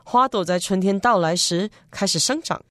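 A woman teacher explaining English vocabulary in Mandarin, reading example sentences in a measured way and spelling words out slowly. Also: medium pitch, over music. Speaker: language teacher.

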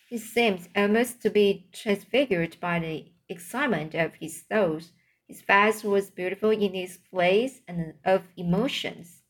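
A woman reading a children's book aloud, slowly and carefully. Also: lowish voice, fairly bright tone. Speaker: reader.

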